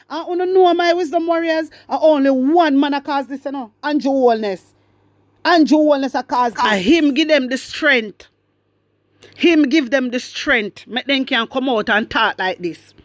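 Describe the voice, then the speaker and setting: Jamaican lady host going off on politics, high voice, dry close sound, keeps repeating herself. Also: no echo. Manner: fiery, repetitive, addresses listeners directly. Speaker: commentary show host. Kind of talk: political commentary rant.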